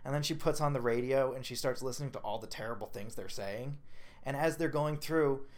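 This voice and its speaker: A man co-hosting a podcast, chatting casually and retelling a film's scenes with excited, rambling enthusiasm. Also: medium pitch, fairly quick. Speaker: podcast co-host. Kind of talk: casual movie review chat.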